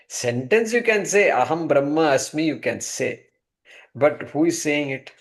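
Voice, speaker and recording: A man teaching scripture in a slightly high voice, leaning on rhetorical questions that he answers himself. His emphatic high points give way to quiet low asides, and he often restarts his sentences. He explains each point patiently, in plain spoken language. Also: lively intonation, measured pace. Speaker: Vedanta teacher.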